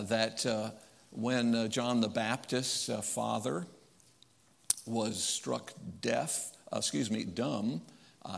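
Older guy preaching a sermon, really gravelly fried voice, kinda husky, stops and starts a lot. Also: medium pitch. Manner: halting, hesitant delivery with frequent pauses. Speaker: pastor.

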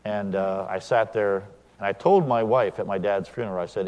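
A middle-aged man, a pastor, preaching a sermon, animated when he acts out quoted dialogue and quiet when he reflects. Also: fairly low pitch, moderate pace, long reverb tail, highs cut off.

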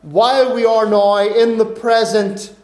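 A man's voice: high-pitched, fairly even intonation, a little slow, reverberant. A man preaching a sermon in an earnest way, often repeating and restarting his words.

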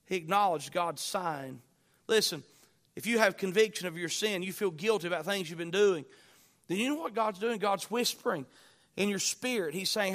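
A middle-aged man preaching a sermon, moving from quiet personal stories to loud, urgent pleading. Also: high voice, normal speed. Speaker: pastor.

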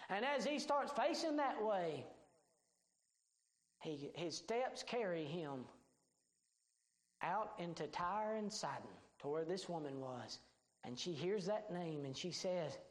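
A male pastor preaching a sermon, folksy and plain-spoken, swinging between loud emphasis and hushed tones. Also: very high voice, big pitch swings, slow pace, roomy sound.

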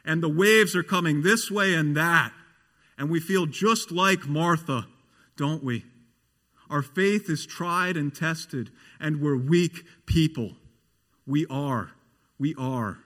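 A man's voice: on the high side, lively intonation, takes it slowly, fairly bright tone. Earnest male pastor in a reverberant hall. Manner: earnest, questions the congregation directly. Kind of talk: sermon. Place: church.

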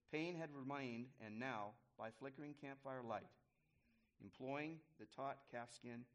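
Man reading a history story aloud. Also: mid-range voice. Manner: pauses to explain and restart phrases.

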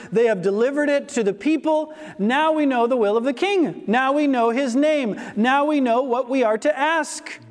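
Male preacher, very high voice, unhurried emphatic delivery, long hall echo. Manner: emphatic, slow and deliberate preaching with stressed repetitions. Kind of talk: sermon.

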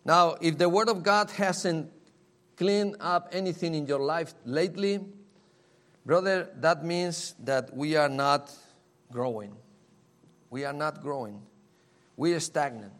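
A man preaching a sermon in a slow, earnest way, often repeating key phrases. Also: on the high side, fairly bright tone.

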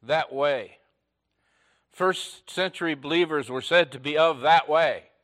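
A man delivers a sermon, speaking slowly with a bright, forceful edge and a voice sitting a little high. He builds with short repeated phrases, then drops almost to a hush before surging again. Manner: swings between loud emphatic lines and hushed near-whispers. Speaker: pastor.

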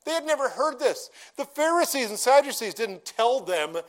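A middle-aged man preaching a sermon in a conversational teaching manner, asking the congregation questions and slowing down to stress key phrases. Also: very high voice, very animated. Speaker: pastor.

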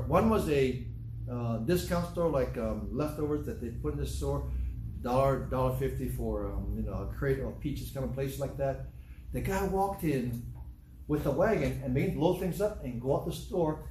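A man's voice: mid-range voice, lively intonation, normal speed, a little mellow, roomy sound, slight background noise, poor audio. A man preaching a sermon as pastor, talking conversationally and teasing his congregation with questions.

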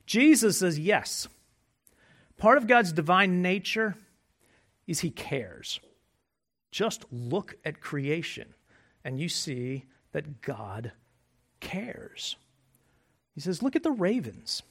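A male pastor delivering a sermon in an animated, conversational way. His voice sits high and moves through a wide, expressive range. He mixes humor with quiet, hushed moments. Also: slow pace, pauses often. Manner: animated preaching with jokes, dropping to soft hushed phrases.

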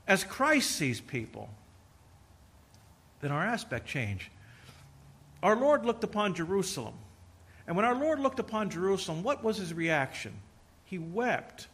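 A man's voice: sits high, fairly bright tone, breathy edge. A man preaching a sermon as pastor, talking to the congregation in a conversational way with asides. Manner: conversational preaching with asides and quoted inner voices.

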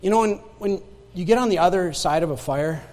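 A man's voice: high-pitched, a little fast, darkish tone. A man preaching a sermon in a church, telling stories in a conversational way with many restarts. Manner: conversational preaching, storytelling with laughs and repeated restarts. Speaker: pastor. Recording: church sanctuary with long reverb.

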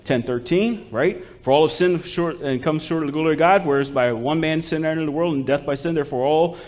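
A man's voice: on the high side, quick pace, darkish tone. A man preaching a sermon as a missionary, folksy and exhortative, calling out to the congregation for responses.

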